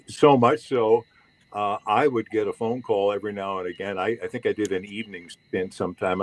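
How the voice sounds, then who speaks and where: An older man, a former radio DJ, recalling his years on air in a measured, unhurried way. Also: on the low side, no echo, rough recording. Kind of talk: casual reminiscing chat.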